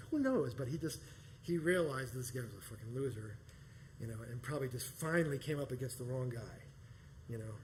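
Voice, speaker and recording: A man telling a personal story live on stage, animated and profane, often breaking into laughter. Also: mid-range voice, slight background noise, poor audio. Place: performance space stage.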